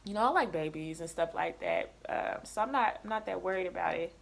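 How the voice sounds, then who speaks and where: Young woman, nursing student vlog, frank, swears freely, animated storytelling. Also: on the low side, brisk, creaky, a little hiss or hum. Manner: candid, profane, animated retelling. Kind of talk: casual storytelling chat.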